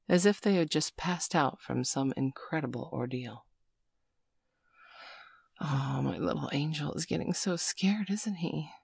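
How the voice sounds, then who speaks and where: A woman in whispered role-play, speaking slowly and coaxingly with pet names, close to the mic. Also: very deep voice, gravelly, a little mellow, breathy edge, dry recording. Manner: slow, coaxing, teasing, full of pet names. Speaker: audio role-play performer.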